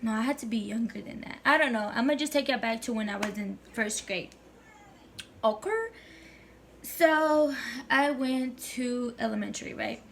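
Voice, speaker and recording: Creaky-voiced young woman telling a story. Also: fairly high pitch, normal speed, a little hiss or hum. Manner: chatty, profane, slangy. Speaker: vlogger. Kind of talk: casual storytime vlog.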